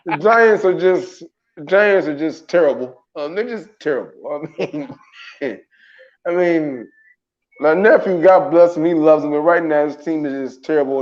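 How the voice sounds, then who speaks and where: Casting note: chatty male sports co-host, slightly high voice, laughs a lot, muffled lo-fi audio. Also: moderate pace, darkish tone. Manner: rambling, laughs often, restarts. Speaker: morning show co-host. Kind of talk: casual sports talk.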